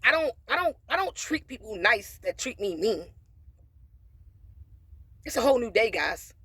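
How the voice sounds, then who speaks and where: A woman's voice: fairly high pitch, very animated, moderate pace, sharp tone, husky, no echo. Blunt, profane woman telling a story. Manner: preachy asides about faith. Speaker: storytime vlogger. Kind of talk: casual storytime monologue.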